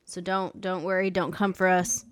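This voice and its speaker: Emphatic sarcastic Midwestern woman, smooth voice. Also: on the low side, flat delivery, moderate pace, a bit bright, no room sound. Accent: Ohio Midwestern. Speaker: podcast co-host. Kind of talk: casual chat.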